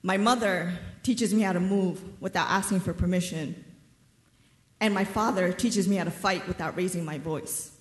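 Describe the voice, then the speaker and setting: A woman in her thirties from New York telling a personal story on a theater stage, measured and wryly funny. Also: fairly low pitch. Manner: wry, measured storytelling with dry humor. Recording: roomy theater reverb.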